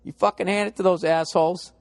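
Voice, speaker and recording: A man's voice: sits high, fairly even intonation, fast, creaky, no echo. A middle-aged man with a Boston accent doing a profane, exasperated stand-up rant. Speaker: stand-up comedian. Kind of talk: stand-up comedy set.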